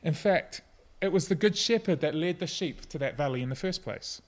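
A middle-aged man delivers a sermon with a slightly higher-than-usual voice. He speaks earnestly and personally, easing into softer, reflective passages. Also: lively intonation, normal speed. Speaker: pastor.

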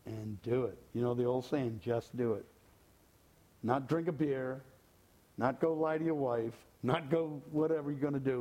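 A man's voice: medium pitch, warm tone. An older man giving an informal, folksy sermon, joking and repeating his phrases. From California. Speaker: lay preacher.

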